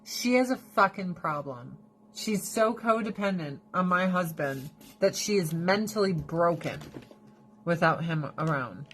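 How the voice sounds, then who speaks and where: A woman in her thirties chatting casually to her viewers, swearing freely and ranting with animated storytelling. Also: on the low side, unhurried, slight background noise. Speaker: vlogger. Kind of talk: casual chat.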